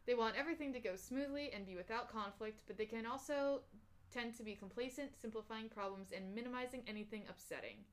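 With a voice on the high side and a quick pace, a young woman co-hosts a podcast. She reads personality test results aloud in a casual chat, full of fillers and restarts, and laughs easily.

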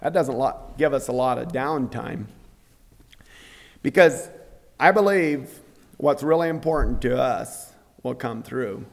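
A man giving a devotional sermon in an earnest, conversational way, often pausing to clear his throat. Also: mid-range voice. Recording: long reverb of a hall.

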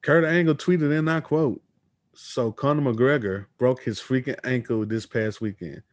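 A man talks wrestling in a relaxed podcast chat, reading out quotes in an easy, unhurried way. His voice sits at a middle pitch. The recording is dry and close, with no room sound. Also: dry recording. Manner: reads news quotes aloud, easygoing. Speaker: podcast co-host.

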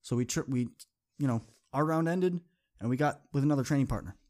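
A man's voice: medium pitch, fairly quick, darkish tone. A man hosting a motivational podcast, telling a personal story in an earnest, conversational way and repeating phrases for emphasis. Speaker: podcast host.

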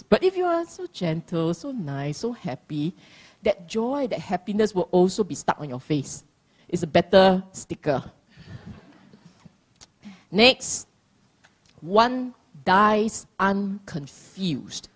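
Slow, husky woman giving a dharma talk. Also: mid-range voice, sing-song. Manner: playful, teasing, laughs often. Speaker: dharma teacher.

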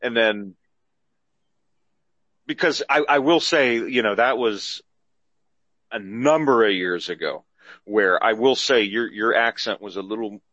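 Low-pitched male host, rambling podcast talk, dry and dull sound. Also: a little slow, long pauses, bright, forceful tone, dry recording. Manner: rambling, repeats himself, trails off. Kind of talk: casual podcast chat.

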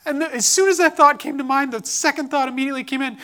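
A man's voice: very high voice, steady tone, fast, pushed and bright. A man giving an earnest, impassioned sermon-style testimony, telling a personal story about his son. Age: adult father.

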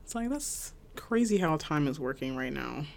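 A woman co-hosting a podcast, chatting casually in a laid-back, drawn-out way. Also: low voice, very animated, creaky. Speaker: podcast co-host. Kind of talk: casual chat.

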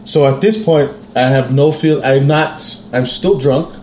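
A man telling a story in a casual podcast chat, animated and profane, acting out the quotes. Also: mid-range voice, measured pace, roomy sound, a little hiss or hum. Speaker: podcast co-host.

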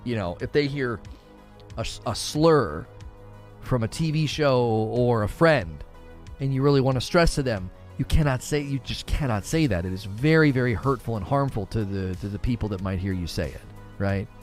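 A man's voice: medium pitch, expressive, normal speed, soft background music. A man in his thirties, a father, giving blunt opinions in casual chat while answering questions, often restarting his sentences.

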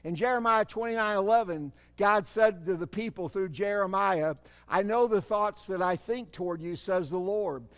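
A man preaching a sermon, asking the congregation rhetorical questions, with animated swells and sudden drops in loudness. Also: sits high, moderate pace, few pauses, clear, resonant tone. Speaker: pastor. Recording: long hall reverb.

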